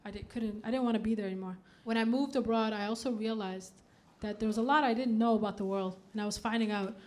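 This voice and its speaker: A woman from Denmark doing a stand-up comedy set on a club stage, with deadpan setups and punchy acted-out quotes, audience laughter behind her. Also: on the high side, fast talker.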